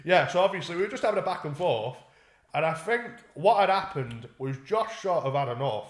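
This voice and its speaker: A man with a somewhat high voice tells a rambling, sweary story on a casual podcast. He keeps acting out what people said. The room sounds echoey. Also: animated, a little fast. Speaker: podcast co-host.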